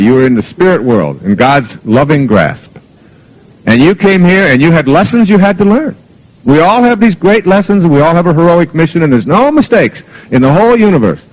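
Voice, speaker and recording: A man's voice: fairly high pitch, low-quality recording. A middle-aged man giving a motivational lecture, telling humorous anecdotes about family life. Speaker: motivational speaker. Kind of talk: live lecture to an audience.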